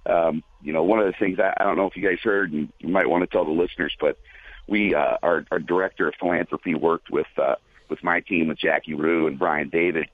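Deep-voiced man on a phone line. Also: fairly even intonation, a little fast. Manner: rambling, many fillers. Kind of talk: casual storytelling.

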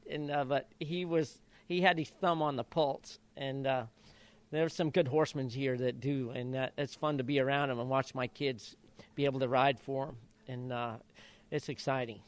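An older man from Idaho, a retired jockey, telling stories in an interview and acting out quotes in high voices. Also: moderate pace. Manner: animated storyteller, acts out quotes in high voices. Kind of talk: storytelling interview.

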